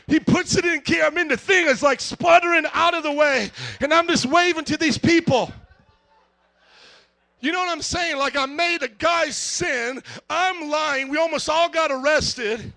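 A man preaching a sermon as a pastor, telling stories with lots of energy, acting out other people's voices and shouting now and then. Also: very high voice, measured pace, creaky, no echo. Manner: animated storytelling, acts out voices, shouts.

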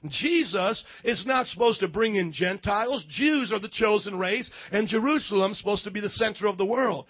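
A male pastor preaching a sermon, animated and leading call-and-response with his congregation. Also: high-pitched, moderate pace, lo-fi sound.

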